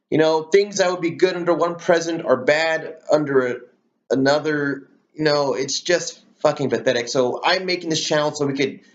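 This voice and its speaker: A slightly high male voice comes through on dull audio. He hosts his own political commentary channel and rants heatedly to camera on his own, swearing a lot and using plenty of fillers.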